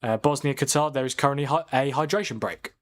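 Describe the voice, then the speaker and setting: A man's voice: medium pitch, quick pace. A man hosting a live watchalong stream, chatting casually, debating and answering viewers' comments. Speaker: livestream watchalong host. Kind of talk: casual live football chat.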